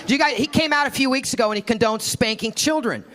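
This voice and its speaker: A man's voice: extremely high pitch, fast, fairly bright tone. A male stand-up comedian doing a brash, profane set and working the crowd. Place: comedy club stage. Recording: live club with crowd noise. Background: audience laughter and room noise.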